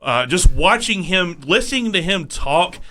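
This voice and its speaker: A high-voiced man gives amused commentary in a casual podcast conversation. His voice is bright and forward. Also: animated, measured pace. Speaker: podcast co-host. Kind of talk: casual movie-review chat.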